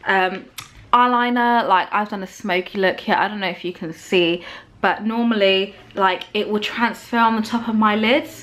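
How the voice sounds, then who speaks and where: A woman's voice: medium pitch, fairly bright tone. Young woman rambling through her faves, lots of ums and likes, laid-back vlog chat. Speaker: beauty vlogger. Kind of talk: casual product show-and-tell.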